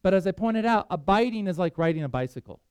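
A man's voice: high-pitched, lively intonation, fast talker, a little mellow, clear, resonant tone, no room sound, clean studio sound. A man preaching a sermon, earnest and conversational, with self-deprecating asides. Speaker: pastor.

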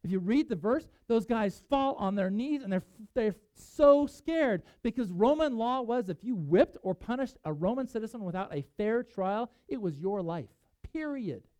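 A pastor preaching a sermon, telling a Bible story with animated delivery and reading scripture aloud. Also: medium pitch, moderate pace, hardly any pauses, no room sound, low-quality recording.

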